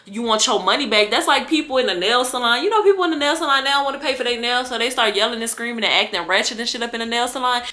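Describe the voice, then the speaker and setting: Blunt ranting young woman, bright voice. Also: on the high side, rapid-fire, few pauses. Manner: blunt, heated, profane, slangy. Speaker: vlogger and delivery shopper. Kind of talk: ranting storytime vlog.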